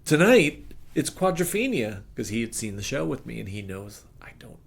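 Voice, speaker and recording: Gravelly-voiced drummer telling a story. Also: male voice, lowish voice, a little fast. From United States. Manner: acts out the people in his stories, voice jumping up for quoted lines. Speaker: drummer and interview guest. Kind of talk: animated storytelling in casual chat.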